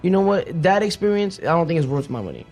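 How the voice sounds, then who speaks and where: A young man talking casually on a podcast, telling profane stories fast and mimicking people in put-on voices. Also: fairly high pitch, very animated, darkish tone, faint music behind. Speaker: podcast co-host. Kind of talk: casual chat.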